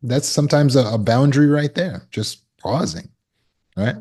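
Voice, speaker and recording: A man's voice: medium pitch, normal speed, darkish tone, breathy edge. A man, a trauma recovery coach, giving a conversational teaching talk and acting out short quoted exchanges.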